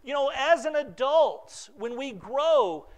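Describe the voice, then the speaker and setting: A middle-aged man preaching a sermon as pastor, earnest, often repeating words and dropping softly before building again. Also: extremely high pitch, lively intonation, slow pace. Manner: earnest, repeats words, drops to soft near-whispers then rises.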